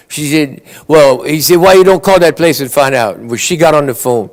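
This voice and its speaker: A man with a slightly high voice tells lengthy folksy jokes at normal speed during a conference awards ceremony, acting out his characters' lines here and there as the after-dinner entertainer.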